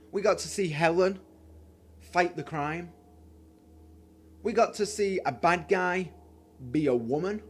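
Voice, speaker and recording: A man's voice: fairly high pitch, slight background noise. A man, casually gushing about his favorite movies in a vlog, often repeating himself. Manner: enthusiastic, gushing, repeats words. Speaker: channel host.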